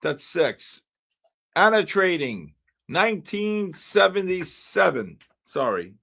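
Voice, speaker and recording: Lively, slow-talking male stream host. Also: sits high, creaky. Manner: calls out names like an auctioneer. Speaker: livestream host. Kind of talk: live trading stream giveaway.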